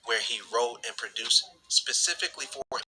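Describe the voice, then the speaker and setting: Very bright-voiced rambling storyteller man. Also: mid-range voice, brisk, slight background noise, poor audio. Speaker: YouTube reactor. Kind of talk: casual storytelling to a video.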